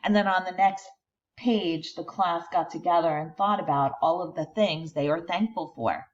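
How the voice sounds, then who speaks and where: A woman reading a children's picture book aloud, expressive and stopping to point out the pictures. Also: fairly low pitch, lo-fi sound. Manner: expressive reader who pauses to explain the pictures. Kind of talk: read-aloud storytime.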